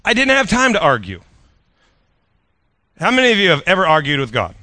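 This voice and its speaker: Folksy male preacher, bright forward tone, close dry recording. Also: sits high, huge pitch swings, brisk, no room sound. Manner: folksy, conversational with rhetorical questions to the audience. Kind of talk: sermon storytelling.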